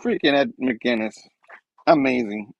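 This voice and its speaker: A man's voice: mid-range voice, measured pace, gravelly, no echo, lo-fi sound. A man hosting a casual comic book review chat, enthusiastic and rambling. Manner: enthusiastic, rambling, acts out characters' lines. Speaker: host.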